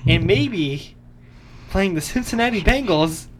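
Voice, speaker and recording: A young man co-hosts a college radio sports show in an easygoing, chatty way. His voice sits a little high for a man. A faint noise floor hangs under the studio recording. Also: lively intonation, measured pace. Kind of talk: casual sports radio chat.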